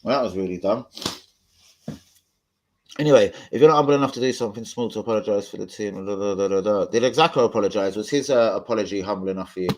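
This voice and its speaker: A man's voice: fairly low pitch, quick pace. A man hosting a live stream, debating football bluntly, swearing freely and arguing with his chat.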